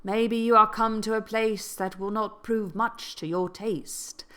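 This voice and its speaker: Casual: lady reading a rude hoarse townsman, slow and mean. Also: medium pitch, steady tone, a bit bright, pitched above the performer's own voice, natural voice. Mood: gruff.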